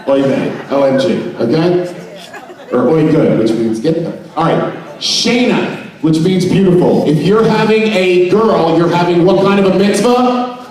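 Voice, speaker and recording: A man hosts a comedic mock seminar for a live crowd, joking and coaxing the audience into call-and-response. His voice sits a little high. It rings through a large, very echoey expo hall, picked up from far off the mic. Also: a little slow, darkish tone. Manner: joking, playful, calls on the audience to repeat words. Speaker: presenter at a trade expo.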